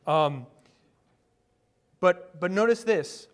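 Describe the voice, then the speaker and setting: Animated preaching man, fairly high voice. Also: normal speed. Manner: animated, with rhetorical questions and bursts of excitement; conversational preaching with asides and fillers. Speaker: pastor. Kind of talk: sermon.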